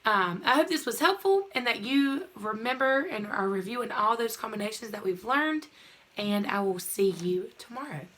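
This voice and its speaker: Young female teacher, bright higher voice, patient step-by-step phonics lesson delivery. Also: expressive, moderate pace. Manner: patient, walks through each word step by step.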